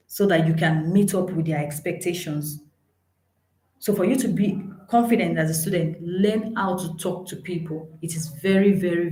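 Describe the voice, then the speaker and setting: A woman giving an earnest motivational talk to students, repeating points for emphasis. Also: mid-range voice. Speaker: educator speaking to students. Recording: roomy echo.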